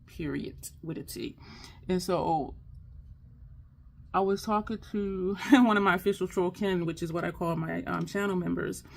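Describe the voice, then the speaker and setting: Gravelly-voiced woman hosting a makeup chat. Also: on the low side, moderate pace, a little hiss or hum. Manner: chatty, upbeat and affirming, talks straight to viewers. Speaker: makeup channel host. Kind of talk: casual makeup tutorial chat.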